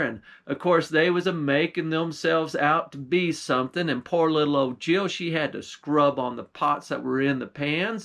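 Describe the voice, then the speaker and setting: A man's voice: on the high side, fairly bright tone. A man, a pastor, telling an old folktale in a folksy rural dialect. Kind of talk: folktale storytelling.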